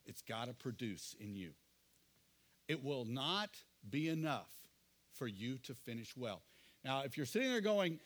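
A middle-aged male pastor preaching a sermon, earnest, often asking the congregation questions and dropping to quiet asides. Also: mid-range voice, big pitch swings, unhurried.

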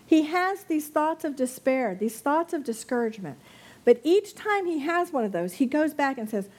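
An earnest woman preaches a sermon in a voice a little higher than most. She reads scripture slowly and softly. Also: expressive.

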